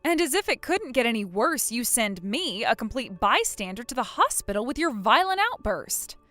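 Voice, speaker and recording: A woman's voice: fairly high pitch, sing-song, moderate pace, pushed and bright, dry recording, faint music behind. A woman voicing a cold, furious young wife who scolds her sister-in-law without mercy. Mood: stern. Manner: stern, scolding, unforgiving.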